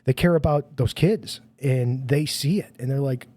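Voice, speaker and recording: A man's voice: mid-range voice, normal speed, warm tone. A middle-aged man, a firefighter who founded a nonprofit, chatting casually on a podcast in a rambling, self-deprecating way with lots of fillers.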